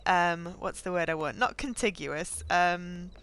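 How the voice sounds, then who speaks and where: A woman's voice: lowish voice, animated, slow pace, sharp tone, clear, resonant tone, no room sound. A woman streaming a game, chatting casually between lines in a giggly, self-mocking way. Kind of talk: casual gaming commentary.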